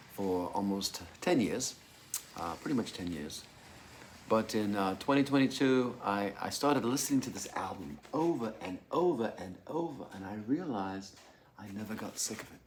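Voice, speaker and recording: A man with a somewhat low voice hosts his own music channel, talking straight to the camera. His delivery is loose and eager, full of "uh"s and restarts. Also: slight background noise. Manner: chatty and excitable, with many fillers and restarts. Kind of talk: casual chat to camera.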